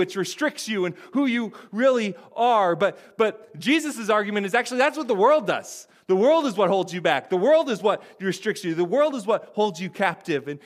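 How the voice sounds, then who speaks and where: Pastor, male, high-pitched, earnest and conversational, preaching from the pulpit. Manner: earnest, conversational preaching with rhetorical questions and frequent restarts. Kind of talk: sermon.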